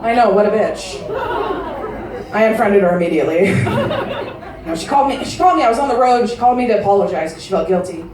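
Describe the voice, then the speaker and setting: A woman in her thirties doing a crude stand-up comedy set, delivering brash, deadpan punchlines to a live audience in a large casino showroom. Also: mid-range voice, fast talker, long pauses, distant mic, a crowd in the background. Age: 30s. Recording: roomy live-venue recording from afar.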